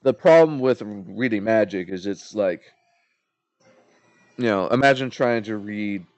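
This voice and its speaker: A man's voice: lowish voice, a little slow, darkish tone, no room sound, highs cut off. A young man narrating a tabletop game as game master, explaining loosely with fillers and restarts.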